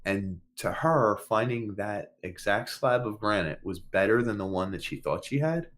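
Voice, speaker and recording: A man with a fairly low voice tells a story to a friend in relaxed podcast chat. He swears casually and acts out what people said. His delivery is animated and conversational. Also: normal speed. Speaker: podcast co-host.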